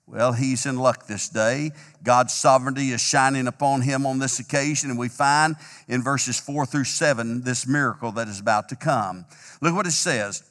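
A man preaching an emphatic, repetitive sermon as pastor, a little hoarse. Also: mid-range voice, moderate pace, fairly bright tone, big-room sound. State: slightly hoarse, clearing throat.

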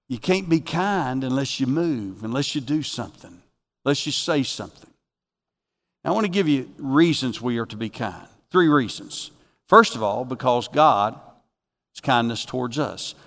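A man preaching a sermon as pastor, folksy, moving from quiet asides to emphatic bursts. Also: mid-range voice. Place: church sanctuary. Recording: long reverb of a church hall.

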